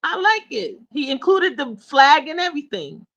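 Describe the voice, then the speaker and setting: A woman's voice: sits high, big pitch swings, normal speed, fairly bright tone, highs cut off. A woman chatting casually on a live stream, teasing and playfully quoting others. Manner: teasing, quotes others in playful voices, laughs often.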